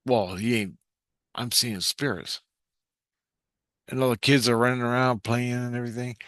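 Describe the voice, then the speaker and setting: A foul-mouthed man tells a rambling story straight to the camera, swinging between excited bursts and low mutters. His voice sits at an ordinary middle pitch. The sound is dry and close, with no room echo. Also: normal speed. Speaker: vlogger recounting a vision. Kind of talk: rambling spoken monologue.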